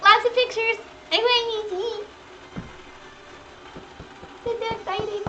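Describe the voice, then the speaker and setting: A woman's voice: extremely high pitch, fairly even intonation, slow pace, pushed and bright, muffled recording. A woman hosting a cooking livestream, chatting in a bubbly, gushing way to her viewers. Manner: bubbly, gushing, talks to chat. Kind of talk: casual livestream chat to viewers. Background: faint background music.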